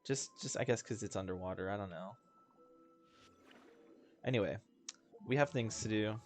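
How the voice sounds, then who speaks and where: A man with a voice on the low side talks at a moderate pace, giving casual let's-play commentary as a gaming video host. He chats and rambles, laughs frequently and jokes about himself, with faint game music behind him.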